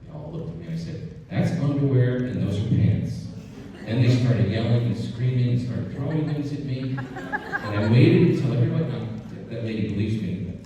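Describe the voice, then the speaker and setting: A man's voice: medium pitch, moderate pace, far from the mic, lo-fi sound, noisy background. Storytelling man in an echoey hall. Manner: animated storyteller, frequently asking "right?". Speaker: keynote speaker. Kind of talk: conference keynote storytelling. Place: large conference hall.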